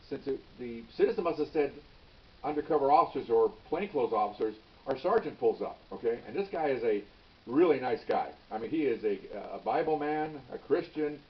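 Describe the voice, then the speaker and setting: Animated retired cop, a little distant. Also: male voice, mid-range voice. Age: 60s. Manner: animated, with many restarts and "okay?" tags. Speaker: retired police officer. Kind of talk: storytelling. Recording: dull, slightly distant recording.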